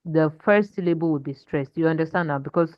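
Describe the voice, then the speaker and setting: A woman's voice: deep voice, a little fast, no echo, highs cut off. A woman teaching a language class online, patiently explaining and modeling pronunciation for her students.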